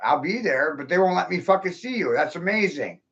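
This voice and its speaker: A man's voice: fairly high pitch, expressive, brisk, a bit bright, dull audio. A man ranting angrily and profanely on a live stream, agitated and upset. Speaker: livestreamer. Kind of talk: angry live-stream rant.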